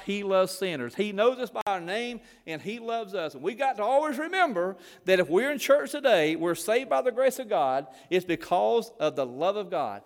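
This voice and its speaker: Sounding like he's in a big room, a man with a high voice delivers a church sermon. The onetime missionary leans on Southern turns of phrase and homespun storytelling.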